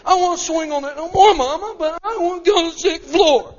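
A panicked little boy, whining and begging in a squeaky, very high voice, as a preacher acts him out. He pleads loudly, with no let-up. The recording is dull and muffled. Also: a little fast. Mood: pleading. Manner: pleading, whiny.

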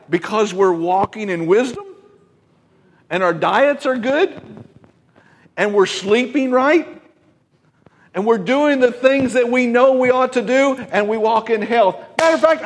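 A man preaching a Pentecostal sermon, emphatic, swinging from loud exclamations to quiet asides. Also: very high-pitched, a little slow, big-room sound. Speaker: pastor.

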